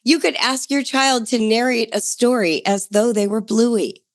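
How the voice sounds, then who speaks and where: Chatty, enthusiastic woman podcast host. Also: a little slow. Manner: enthusiastic, chatty, jumps to a bright higher pitch for emphasis. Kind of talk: podcast talk on homeschooling.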